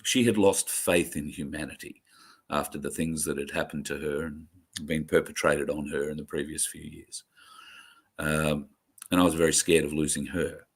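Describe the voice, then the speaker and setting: A man hosts a show and thanks his viewers in a sincere, emotional way, halting often with fillers and restarts. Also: extremely low pitch, fairly even intonation, husky. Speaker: host. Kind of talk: heartfelt sign-off to viewers.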